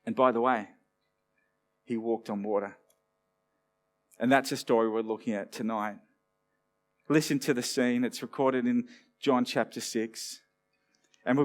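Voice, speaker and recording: A man preaching a sermon in a church, animated and storytelling, dropping low and quiet for emphasis. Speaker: pastor.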